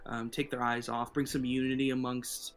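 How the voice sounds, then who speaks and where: A man voicing a tired city guard captain who talks softly and hesitantly, full of pauses. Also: mid-range voice, little pitch movement, over music, lightly acted. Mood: weary, evasive. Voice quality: soft-spoken, hesitant, filler-heavy.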